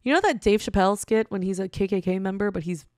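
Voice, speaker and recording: A woman co-hosting a podcast, telling a story in animated casual chat and swearing often. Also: medium pitch, fast, no room sound, clean studio sound. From San Jose, California. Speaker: podcast co-host.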